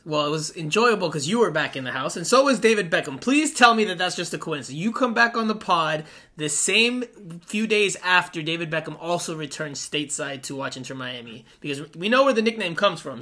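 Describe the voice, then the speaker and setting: Bright-voiced male soccer podcast host. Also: on the high side, expressive, fairly quick, hardly any pauses. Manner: upbeat, jokey, laughs often. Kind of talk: casual sports podcast chat.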